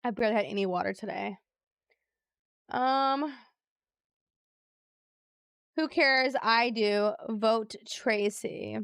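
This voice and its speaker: A woman's voice: on the high side, slow, vocal fry, pauses often, a bit bright, clear, resonant tone, no echo, studio quality. A woman streaming a trivia game, chatting casually with her viewers, reading clues aloud and laughing easily. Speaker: live streamer. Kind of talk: casual live-stream chat while playing a trivia game.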